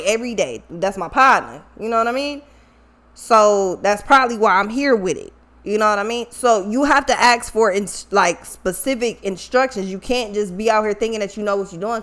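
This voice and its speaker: A woman's voice: mid-range voice, fairly bright tone. A woman giving a casual tarot reading, blunt and swearing freely, repeating points for emphasis, with features. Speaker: tarot reader.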